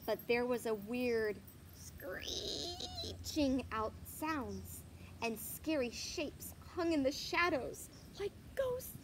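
A woman reading a children's picture book aloud, animated and asking the listener questions. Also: high voice, drawn-out words, noisy background. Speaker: storyteller.

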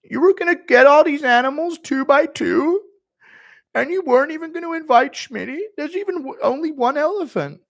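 A man's voice: animated, moderate pace, creaky, a bit bright, full character voice. A man putting on the voice of a clingy friend who shrilly whines about being left out. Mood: shrill outrage. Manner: shrill, outraged, whining.

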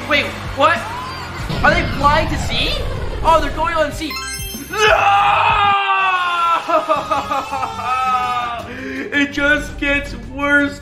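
A young man hosting a reaction video, excitable and exclaiming often, constantly addressing his viewers. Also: very high-pitched. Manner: excitable, exclaims often, keeps saying "guys". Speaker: reaction channel host. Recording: background music under voice.

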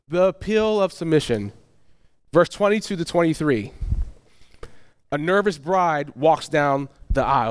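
A man's voice: fairly high pitch, clear, resonant tone. A male pastor preaching a conversational sermon, with frequent restarts and playful acted asides.

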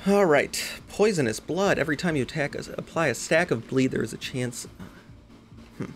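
A man's voice: on the high side, expressive, moderate pace, slight background noise. A man hosting his gaming channel, casually commentating gameplay in a rambling, chatty way and swearing freely.

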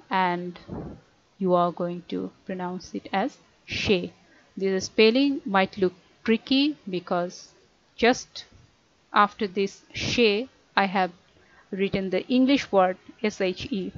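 A young woman, teaching a grammar lesson online with careful explanations and frequent pauses to say uh. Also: mid-range voice, no room sound. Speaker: language teacher. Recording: dry, dull lo-fi recording.

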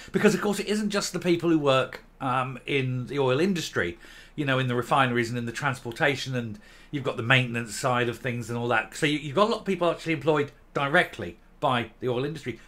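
A man's voice: medium pitch, bright, forceful tone. An older man hosting an opinion commentary show, scornful and sarcastic, firing off rhetorical questions. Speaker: host.

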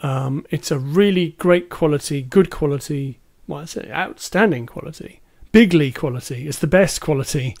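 A man's voice: on the high side, moderate pace, vocal fry, hardly any pauses, darkish tone. A man co-hosting a casual film podcast, hesitant with many ums but enthusiastic. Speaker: podcast co-host.

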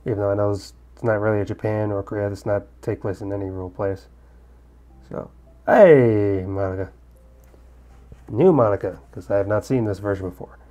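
A man's voice: fairly low pitch, fairly even intonation, fast talker, warm tone. Chatty man reading a visual novel. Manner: chatty, joking asides while reading the game text. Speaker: let's-play gamer. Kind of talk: casual game commentary with read-aloud dialogue. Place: at home in Korea.

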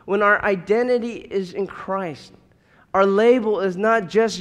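A pastor in his thirties preaches with a high, bright-edged voice, earnest and pressing, often doubling words as he builds toward a point. The sound carries a long reverb tail, as in a large hall. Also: fairly even intonation, measured pace. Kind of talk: sermon.

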